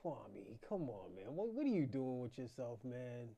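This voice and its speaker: A man, hosting his own channel in a casual unscripted monologue, mocking and laughing, swinging between quiet mutters and loud outbursts. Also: medium pitch, big pitch swings, measured pace, gravelly, no echo, lo-fi sound.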